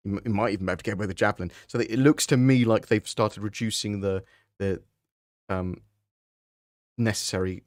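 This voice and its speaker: A man with a lowish voice, chatting through viewer questions on a live stream. He keeps it relaxed and conversational and thinks out loud before he lands on an answer. The sound is dry and close, with no room around it. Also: no echo.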